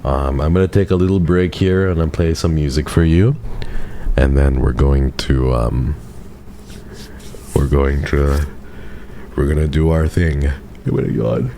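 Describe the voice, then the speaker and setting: A young man talks to his stream audience in a playful, teasing, mock-dramatic way. His voice sits extremely low and sounds dark and mellow. A faint hiss runs under his desk mic. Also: steady tone, a little slow, long pauses. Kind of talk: casual live-stream chat with chat.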